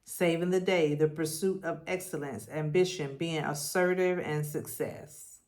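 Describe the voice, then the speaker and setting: A woman speaks in a fairly low voice at an unhurried pace while giving a spiritual tarot reading. She circles back on her phrases and leads the listener through repeated affirmations. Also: fairly even intonation, darkish tone. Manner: slow, repetitive, affirmation-style. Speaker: tarot reader.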